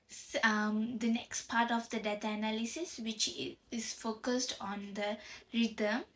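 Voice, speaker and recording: A woman's voice: a little high, a bit bright, low-quality recording. A young woman gives a class presentation, explaining step by step and sometimes searching for words. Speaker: university student presenter.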